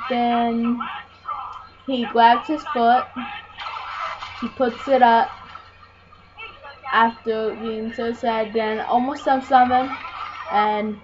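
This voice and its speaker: A woman casually retelling a film plot, rambling along with "and then" and frequent ums. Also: fairly high pitch. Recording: dull lo-fi home recording with music behind. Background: music playing clearly.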